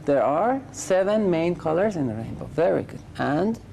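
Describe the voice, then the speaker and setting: Woman, English teacher, patient, corrects learners, mellow tone, faint room noise. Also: lowish voice, sing-song, normal speed, creaky. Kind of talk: classroom teaching.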